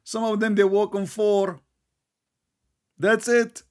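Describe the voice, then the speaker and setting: Sarcastic man arguing on a live debate, broken english, kinda high voice. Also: level tone, clear, resonant tone. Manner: argumentative, sarcastic, repeats his points slowly; non-native English grammar. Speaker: debate show host.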